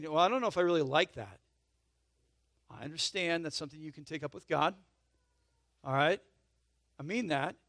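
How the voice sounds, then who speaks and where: This male pastor has a fairly high, tenor-leaning voice and preaches in a conversational style, often checking in with his listeners. He swells emphatically in volume, then drops into soft, intimate asides. The recording is dry and close, with no room sound.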